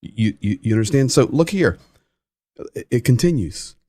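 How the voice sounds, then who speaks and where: A man's voice: medium pitch, animated, normal speed, warm tone, no room sound. A man hosting a casual livestream, chatting and reading viewer comments aloud with emphasis. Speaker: livestream host.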